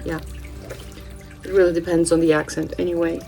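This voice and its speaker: A lowish, gravelly-voiced woman from Brazil, a native Portuguese speaker, talks in English with a mixed British and Californian accent. She chats through an oracle card reading in a loose, digressive way, full of ums and restarts, with faint music behind her. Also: level tone, brisk, pauses often, dark tone, poor audio. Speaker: channel host, spiritual card reader.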